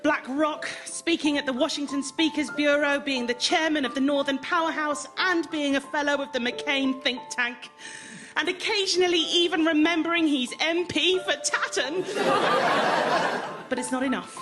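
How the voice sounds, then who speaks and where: A woman's voice: high-pitched, moderate pace. A woman doing a mock-serious charity-appeal style bit of scripted topical satire on a comedy show. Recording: live audience and loud music behind.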